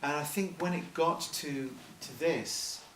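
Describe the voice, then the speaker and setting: The recording has the sound of a distant mic in an echoey hall, with faint noise. A male film producer, his voice a little high, a bit bright and a little slow, gives storytelling answers to an interviewer before an audience, rambling and self-deprecating with many restarts.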